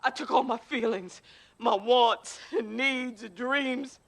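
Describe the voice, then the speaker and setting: A woman's voice: fairly high pitch, slow. An actress playing a long-suffering wife who finally erupts at her husband, raw and tearful. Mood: anguished. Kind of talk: film drama dialogue.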